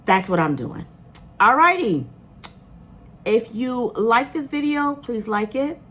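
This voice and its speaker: A woman's voice: on the high side, sing-song, takes it slowly, sharp tone. A woman vlogging casually to her viewers, earnest and emotional, rambling with many fillers and restarts. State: emotional, near tears. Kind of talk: casual vlog talk to viewers.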